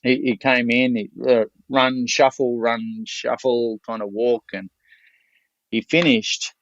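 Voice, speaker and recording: On a dull, dry lo-fi recording with no echo, a man with a mid-range voice spins a casual yarn. He's an Australian guest on a podcast, and his storytelling is loose, blunt and salty.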